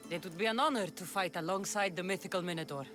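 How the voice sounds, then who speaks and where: An actress playing a calm, dry-witted woman mercenary in a video game. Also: on the low side, quick pace, natural voice. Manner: calm, dry, matter-of-fact. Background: game music.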